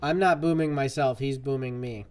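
A man's voice: medium pitch, moderate pace, a little hiss or hum. A man giving live commentary on a game he is playing, jokey and exasperated as he talks to the game. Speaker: streamer.

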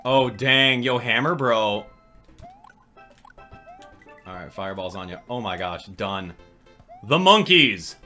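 A young man hosting a gaming channel, giving excitable, jokey live commentary and reading out and answering viewers' chat as he plays. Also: on the low side, takes it slowly, pauses often, soft background music.

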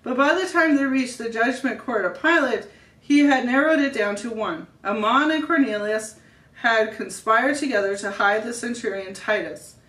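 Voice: mid-range voice, normal speed, sharp tone, roomy sound, distant mic, rough recording. A family member reading a story aloud, with small slips and self-corrections.

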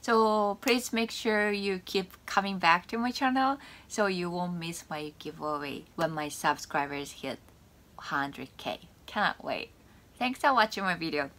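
A woman's voice: on the low side, expressive, measured pace, a bit bright. A woman vlogger chatting casually to her viewers about her shopping haul, bubbly and gushing. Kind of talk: casual chat to camera.

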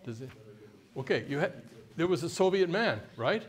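A man's voice: a little high, animated. Older man leading a conference workshop. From United States. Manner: conversational, quizzes audience with questions; mimics a haughty deliberate voice at times. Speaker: workshop speaker.

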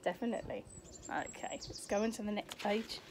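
A woman's voice: medium pitch, brisk, slight background noise. An older woman reading a picture book aloud to children outdoors in a garden, chatty and sing-song, often asking the listener questions. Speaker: storyteller, grandmother persona. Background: faint birdsong.

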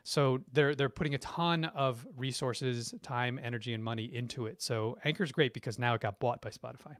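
A man's voice: medium pitch, normal speed, dry recording. A middle-aged man, a branding expert, enthusiastically answering viewer questions on a live stream, speaking effusively and often restarting his sentences. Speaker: branding and marketing expert guest. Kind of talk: live-stream Q&A reading chat comments.

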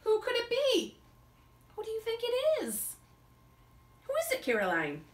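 A woman teacher reading a picture book aloud to a child in an animated way, stopping to ask the child questions. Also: extremely high pitch, a little slow, reverberant, distant mic. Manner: animated, asks the listener questions.

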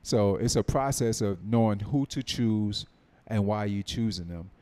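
A middle-aged man with a slightly low voice tells stories in a relaxed podcast chat. He is from North Carolina and slips into the voices of the people he quotes as he talks. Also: unhurried. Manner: storytelling, acts out quoted dialogue. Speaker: film writer and producer, guest. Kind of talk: casual podcast interview.

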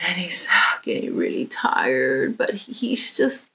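A woman's voice: fairly low pitch, big pitch swings, takes it slowly, vocal fry, hardly any pauses, a bit bright. A woman telling a children's story in a church, speaking expressively and dropping to a whisper for suspense.

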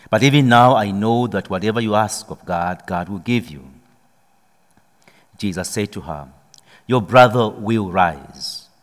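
A man's voice: fairly low pitch, in a large hall. A man reading the Gospel solemnly and then preaching a homily, his voice rising as he presses his points. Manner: slow solemn reading, building to emphatic preaching. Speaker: priest.

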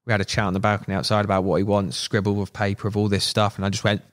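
A man's voice: lowish voice, rapid-fire. Slangy man telling stories. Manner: animated, slangy, acts out quotes. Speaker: podcast guest. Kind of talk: casual storytelling.

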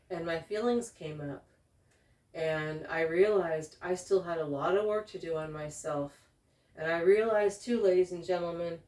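Low-voiced woman vlogger, halting personal storytelling, sits back from the mic in a roomy space. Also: darkish tone, distant mic. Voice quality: halting, many fillers and restarts. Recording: echoey room, voice off-mic.

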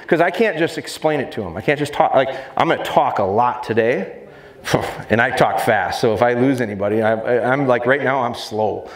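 A middle-aged man giving a dog training seminar to a live audience, talking energetically and joking with the crowd. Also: medium pitch. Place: large exhibition hall. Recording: roomy hall echo, faint crowd ambience.

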